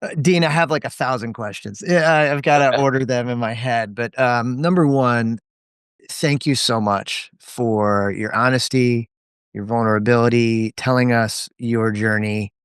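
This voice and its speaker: A male podcast host interviewing a guest, supportive and quick to affirm. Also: medium pitch, steady tone, clean tone, dry recording, clean studio sound. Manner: supportive, with frequent short affirmations.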